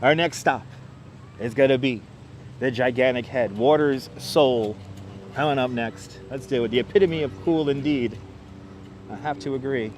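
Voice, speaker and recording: Through a wireless lapel mic with a little hiss or hum, a man with a medium-pitched, darkish voice hosts a live walking tour of an outdoor waterfront park at normal speed. He reads chat aloud, laughs often, and chats away while greeting viewers by name.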